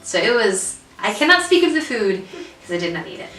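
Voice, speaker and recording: A woman's voice: mid-range voice, big pitch swings, a little fast, fairly bright tone, far from the mic, soft background music. A young adult woman co-hosting a casual vlog, telling an upsetting story with lots of fillers and restarts. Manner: emotional storytelling with many fillers. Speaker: vlog co-host. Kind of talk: casual chat. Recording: roomy echo, away from the mic.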